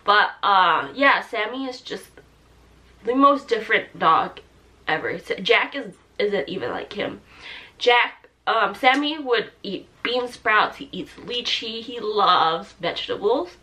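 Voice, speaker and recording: A young woman in her twenties speaks to camera in a bright voice, halting with fillers and restarts. She sounds tearful and her throat is thick with mucus, so she clears it now and then. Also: medium pitch, lively intonation. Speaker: vlogger. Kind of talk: personal talk to camera.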